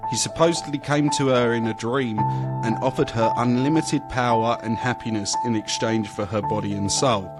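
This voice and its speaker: A man hosting a podcast, reading a paranormal story in a casual, lively way. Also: mid-range voice, moderate pace, loud music behind the voice. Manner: casual, swearing, lively narration. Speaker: podcast host.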